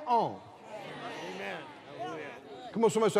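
Older southern preacher guy, high lively voice, drawls slow then shouts. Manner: calls for congregation responses, rises to shouting. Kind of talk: sermon. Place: large convention hall with congregation.

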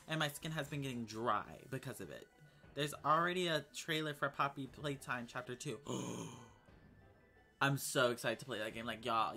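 Bright-voiced, dramatic young gaming vlogger. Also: mid-range voice. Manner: dramatic, slangy, gasping exclamations. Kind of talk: casual gaming commentary and chat.

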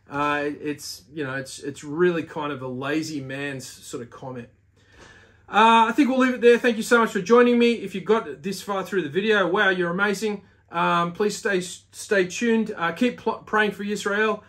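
A man's voice: a little high, normal speed, a bit bright. A man hosting his own video and giving a casual religious teaching monologue, earnest and exhorting, with frequent "uh" fillers.

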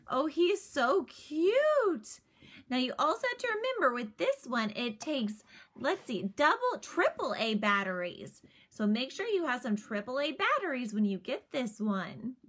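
A woman's voice: high voice, fairly bright tone, a little hiss or hum. A woman narrating a toy unboxing off camera, gushing and giggly in a sing-song way. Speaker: toy reviewer.

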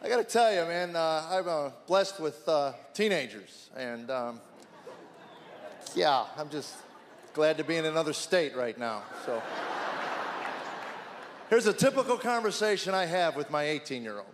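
A middle-aged man with a fairly high voice delivers stand-up about his teenage son, dry and exasperated. He's on a theater stage, the sound ringing through a big hall. An audience laughs around him. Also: lively intonation, a little slow, pauses often, a crowd in the background, background noise. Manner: wry, exasperated storytelling dad. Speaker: stand-up comedian. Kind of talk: stand-up comedy routine.

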